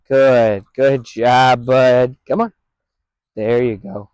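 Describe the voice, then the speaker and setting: A man's voice: mid-range voice, fairly even intonation, takes it slowly, darkish tone, clear, resonant tone, no echo. A man training a dog outdoors on a busy street, explaining his approach plainly and calling out praise to the dog. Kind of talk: outdoor training talk to camera.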